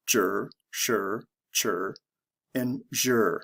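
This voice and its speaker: A man with an American accent teaching English pronunciation, speaking slowly and repeating each example sentence clearly. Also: medium pitch, lively intonation. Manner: slow, deliberate drilling of example phrases. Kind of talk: slow scripted lesson narration.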